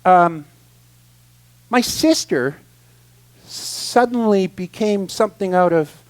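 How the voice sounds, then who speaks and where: Man, high voice, guest speaker, humorous storytelling, animated, loud then hushed. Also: slow pace. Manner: animated, expressive, swings from loud excitement to quiet asides.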